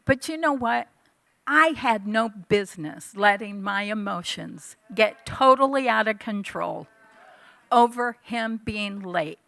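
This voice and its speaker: Bright, gravelly woman preaching. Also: mid-range voice, slow pace, no room sound. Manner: animated storytelling, acting out her own past lines. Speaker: church speaker. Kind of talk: sermon with personal story. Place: church hall.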